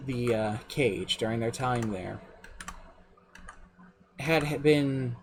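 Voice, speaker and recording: A man streaming live as game master, telling the story of his campaign in a casual, animated way with some swearing. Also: mid-range voice, slow, slight background noise. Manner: animated, swearing, shifts pace often. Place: home streaming setup.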